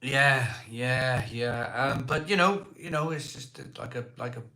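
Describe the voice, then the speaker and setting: A Welsh man with a voice hoarse from a cold, hosting a casual live stream, greeting viewers by name and asking for likes. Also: mid-range voice, measured pace, pushed and bright. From Wales. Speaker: livestream host. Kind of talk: casual live chat reading viewer comments. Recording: echoey room.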